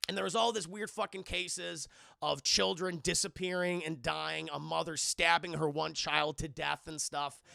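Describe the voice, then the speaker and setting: A man's voice: a little high, creaky. A man casually recapping a horror film for his live chat, swearing freely and acting out the scenes. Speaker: livestream film reviewer.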